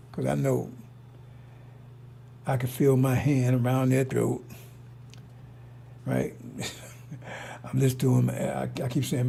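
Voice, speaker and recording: A man's voice: medium pitch, fairly even intonation, slow pace, gravelly, pauses often, warm tone, slight background noise. A middle-aged man giving a casual preaching monologue as a religious commentator, rambling and repetitive, blunt and profane.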